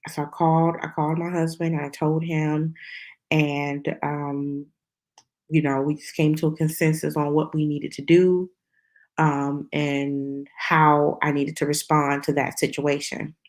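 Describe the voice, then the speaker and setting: A middle-aged woman from the southern United States shares a personal testimony with the earnest pull of a storyteller. Her voice sits a little low for a woman, and she slips into the voices of the people she quotes. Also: flat delivery, unhurried, darkish tone. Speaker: host.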